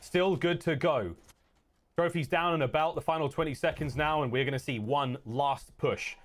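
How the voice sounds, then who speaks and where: A man's voice: on the high side, moderate pace. A man casting an esports match as play-by-play commentator, his voice jumping up on big plays. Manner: excitable, voice leaps up on big plays. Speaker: esports caster.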